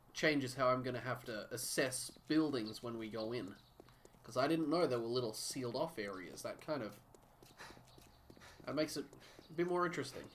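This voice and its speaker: A man's voice: mid-range voice, a little hiss or hum. A man casually narrating his live gameplay, muttering to himself, swearing and chatting to viewers. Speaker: game streamer.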